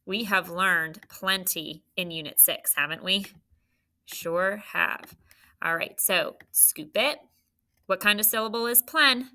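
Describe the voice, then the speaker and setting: A woman's voice: medium pitch, slow, pushed and bright. A woman teaching a phonics lesson to young children, patient and encouraging as she sounds out letters and syllables. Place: classroom.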